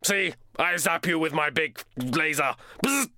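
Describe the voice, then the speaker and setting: A man voicing a grumpy male robot who speaks in a flat, robotic monotone. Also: fairly high pitch, measured pace, no room sound, studio quality, pitched below the performer's own voice.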